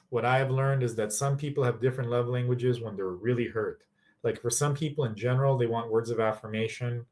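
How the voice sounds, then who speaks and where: A tired man giving a casual online workshop on relationships, talking over a video call and acting out sample dialogues. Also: medium pitch. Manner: lively, acts out sample dialogues.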